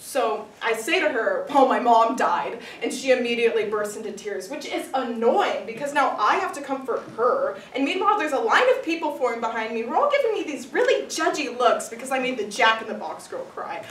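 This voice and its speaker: A teenage girl performing a comic monologue on stage, with a wry, deadpan delivery. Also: on the high side, a little fast, hardly any pauses. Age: teens. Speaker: student actor. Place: stage in a hall. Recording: echoey room, far from the mic, faint noise.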